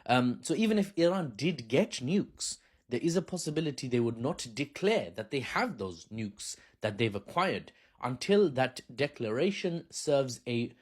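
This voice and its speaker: Husky, sarcastic male commentator. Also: mid-range voice, very animated, measured pace. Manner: sarcastic, mocking, chatty slang. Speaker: political commentator. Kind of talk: casual video commentary.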